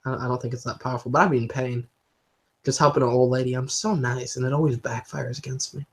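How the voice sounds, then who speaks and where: A man's voice: mid-range voice, fairly even intonation, fast talker. A young man chatting casually on a livestream, telling rambling, self-mocking stories about work. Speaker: livestream co-host. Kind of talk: casual chat.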